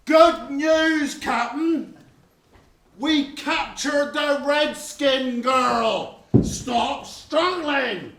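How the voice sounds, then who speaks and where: A woman acting a dim, gloating pirate henchman in a pantomime, with a slow drawl. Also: fairly high pitch, animated. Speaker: amateur stage actor. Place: community stage hall. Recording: echoey hall from far off, noisy.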